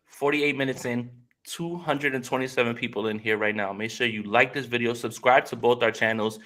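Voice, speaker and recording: A man's voice: medium pitch, fairly bright tone. Upbeat man co-hosting a live podcast. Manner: upbeat, keeps addressing viewers directly. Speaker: podcast co-host. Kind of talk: casual live-stream podcast chat.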